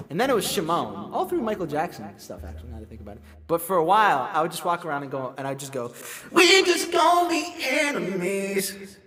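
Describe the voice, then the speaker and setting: A man with a mid-range voice hosts a casual livestream in a large hall. He rambles, reads the chat aloud and pokes fun at himself.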